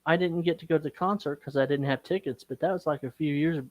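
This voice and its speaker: A man on a live stream call, telling a personal story slowly and with feeling. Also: on the high side, darkish tone, no room sound. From Okeechobee, Florida. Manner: slow, emotional storytelling, breaks into singing gospel and country songs. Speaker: guest.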